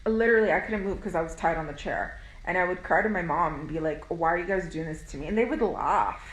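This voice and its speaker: A woman's voice: lowish voice, fairly bright tone, roomy sound, poor audio. A young adult woman talking candidly and emphatically in a rambling monologue, swearing freely. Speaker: spiritual content creator. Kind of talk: casual direct-to-camera monologue.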